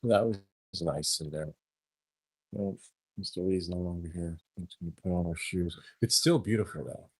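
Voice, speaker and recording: A man's voice: low voice, normal speed, slightly rough, dry recording. A man vlogging and telling a rambling story, chuckling as he goes and often trailing off and restarting. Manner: chuckles through his stories, trailing off and restarting.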